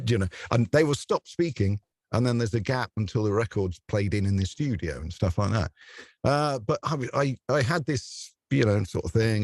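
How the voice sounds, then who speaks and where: A man's voice: on the low side, darkish tone, no room sound. A man who works as a radio presenter, chatting in an interview and telling stories with plenty of laughter. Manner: chatty storyteller who laughs often and acts out voices. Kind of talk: relaxed anecdotal interview chat.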